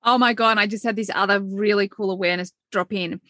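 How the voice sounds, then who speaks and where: Woman, excitable and effusive, casual chat, dry close mic. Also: medium pitch, fast talker, no echo. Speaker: tarot reader guest.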